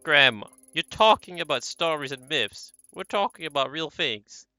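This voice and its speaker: A man's voice: on the high side, expressive, moderate pace, pushed and bright, dry recording. A man reading the lines of a defiant, hurt young woman in his own voice. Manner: defiant, accusing. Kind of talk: reading game dialogue aloud.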